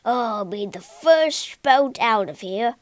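A woman's voice: fairly high pitch, animated, takes it slowly, no room sound. A woman voicing a scheming male villain in a storybook reading, gloating and mocking.

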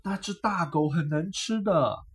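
A woman's voice: fairly low pitch, a little slow, distant mic, lightly acted. A woman reading aloud, voicing a sensible dad in a children's story in a plain, matter-of-fact way.

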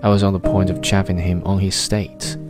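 A man reading a novel aloud in a measured first-person narration. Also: low voice, flat delivery. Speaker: audiobook narrator. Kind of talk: scripted narration. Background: faint guitar music.

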